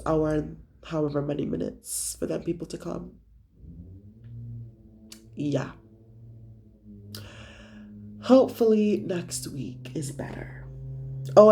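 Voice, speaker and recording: Mellow-voiced young man gossiping. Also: on the high side, vocal fry, a little hiss or hum. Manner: gossipy, profane storytelling with acted-out quotes. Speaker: vlogger. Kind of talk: casual chat.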